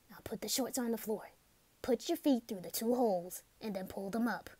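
A woman performs a whispered role-play, talking to the listener in a soft, hesitant way. She often slips into a full whisper. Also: a little high, normal speed, breathy edge, no room sound.

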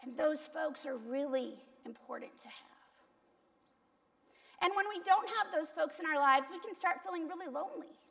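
A woman's voice: sits high, expressive, normal speed, gravelly, fairly bright tone. A woman pastor giving a conversational sermon, telling candid, self-deprecating stories. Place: church sanctuary. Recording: long echo of a large church hall.

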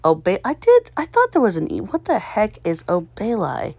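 A woman's voice: mid-range voice, huge pitch swings, normal speed, gravelly, a little mellow, dry recording. A woman vlogger talking casually to herself while she solves a puzzle, sounding out guesses and laughing at her own mistakes. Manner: self-mocking, thinks aloud, sounds out guesses, giggles. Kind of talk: casual solo commentary while solving.

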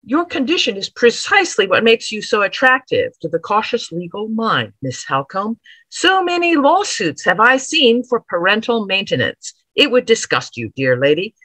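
A woman's voice: a little high, big pitch swings, moderate pace, fairly bright tone, no echo, poor audio. Woman putting on a leering old lawyer. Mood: insinuating. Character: lecherous elderly male lawyer, oily and menacing.

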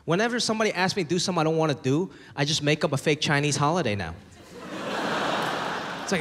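A man doing a stand-up comedy set, animated, acting out both sides of his quoted conversations. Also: fairly high pitch, fast talker, long pauses, big-room sound, a little hiss or hum.

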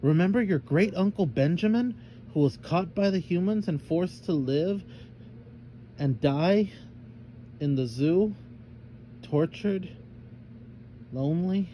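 A man's voice: high voice, slow pace, long pauses, dark tone, lo-fi sound, a little hiss or hum, voice pushed up. Man doing a stern thylacine mother. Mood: lecturing. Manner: scolding, fearful lecturing.

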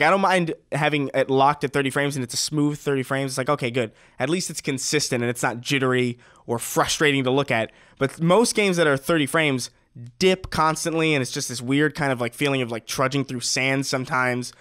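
A man's voice: medium pitch, fairly bright tone. A man in his thirties co-hosting a podcast, casual and swearing freely, often restarting his sentences. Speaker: podcast co-host.

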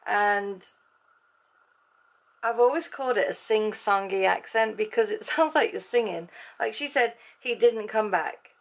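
A woman's voice: mid-range voice, a little slow, creaky. A middle-aged woman from England chatting casually in her vlog, amused as she reacts to clips. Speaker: vlogger.

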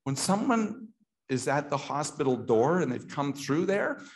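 Man speaking with heated halting repetition. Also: a little high, big pitch swings. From Canada. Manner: repeats words and restarts often, grows heated and emotional. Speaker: speaker at a political meeting. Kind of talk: impassioned public talk.

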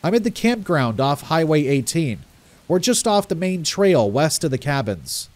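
A calm young camp counselor, played by a man, soothing and brisk. He reassures steadily and keeps things moving. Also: on the high side, no room sound, pitched above the performer's own voice. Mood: reassuring.

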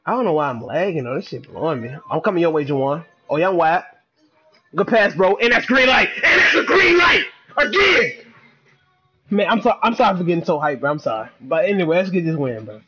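Playing a game live, a man delivers excitable, trash-talking commentary, dropping into low mutters before bursting into shouts. He talks at a quick pace with a slightly rough voice.

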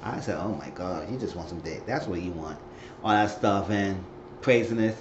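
A man casually recapping a TV episode, acting out the characters' lines with sudden high squeals. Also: moderate pace, noisy background. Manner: animated retelling, acting out quotes with high squeals. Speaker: recap host. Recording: echoey room, dull lo-fi sound.

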